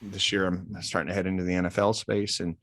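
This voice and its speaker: Fast-talking deep-voiced man in his forties. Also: no room sound, studio quality. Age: 40s. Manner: animated storyteller acting out quoted dialogue. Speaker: life coach for athletes. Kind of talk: casual interview storytelling. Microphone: close podcast mic.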